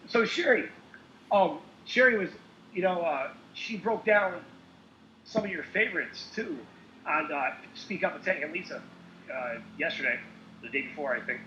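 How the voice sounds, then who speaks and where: A man co-hosting a casual political talk show, animated and laughing often. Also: a little high, a little hiss or hum. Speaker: co-host. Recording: echoey lo-fi call audio.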